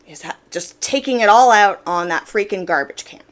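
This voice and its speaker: A woman's voice: mid-range voice, animated, moderate pace. A woman hosting an opinion commentary, explaining her points in a direct, casual way and stressing them by repeating words. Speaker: commentary channel host.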